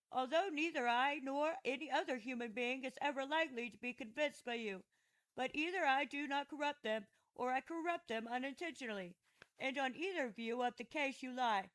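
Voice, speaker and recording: A woman's voice: sits high, fairly bright tone, poor audio. A woman narrating an audiobook voices an aging male philosopher who defends himself at trial with patient, ironic questions. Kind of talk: audiobook reading of a classic dialogue.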